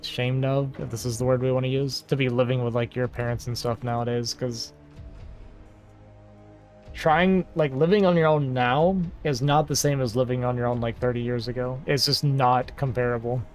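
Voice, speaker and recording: A man's voice: medium pitch, steady tone, normal speed, soft background music. Rambling man chatting on a livestream. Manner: rambling and talkative, reading chat aloud. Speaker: livestream host. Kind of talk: casual chat to a stream audience.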